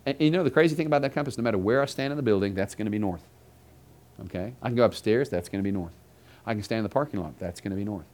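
A man's voice: on the low side, very fast, darkish tone. Chatty man preaching a casual sermon. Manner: chatty, repeats phrases, joking asides to the congregation. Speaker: pastor. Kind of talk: conversational sermon. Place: church building.

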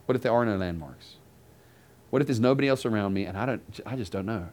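A man's voice: lowish voice, fast talker, darkish tone. A man preaching a conversational sermon to a congregation in a church building, repeating his phrases and dropping joking asides to the listeners. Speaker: pastor.

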